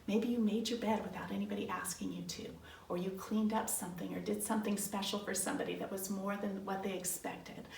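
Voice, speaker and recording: A middle-aged woman teaching young children in an animated, sing-song way, acting out little family dialogues. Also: medium pitch, brisk, vocal fry. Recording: roomy, from some distance off the mic.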